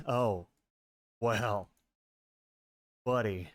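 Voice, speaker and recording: A man streaming live gameplay, chatting casually with his viewers, quick to laugh and curse at what happens on screen. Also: a little high, dry recording. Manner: excitable, laughs and swears at the game.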